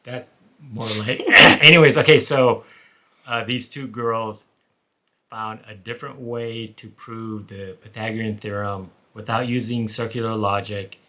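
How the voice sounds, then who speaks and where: A man who once taught high school math, co-hosting a casual chat and rambling with frequent restarts. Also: fairly even intonation, unhurried, bright, forceful tone. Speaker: former high school math teacher, co-host.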